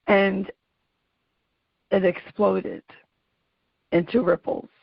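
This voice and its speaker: A woman hosting her own audio show, giving an earnest, emphatic motivational talk in a slow, deliberate way. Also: mid-range voice, fairly even intonation, creaky, slightly rough, no room sound. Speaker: podcast host. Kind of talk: motivational monologue. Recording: dull lo-fi audio.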